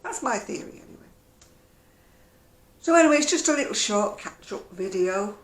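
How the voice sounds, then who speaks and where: A woman's voice: mid-range voice, expressive, moderate pace, reverberant. A woman chatting casually in a home vlog, wry and talkative. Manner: chatty, wry, mimics other people's voices. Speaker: vlogger. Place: at home, indoors.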